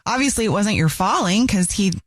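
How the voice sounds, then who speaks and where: A woman co-hosting a radio show, playful and expressive, quick to laugh. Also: mid-range voice, no echo. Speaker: radio co-host.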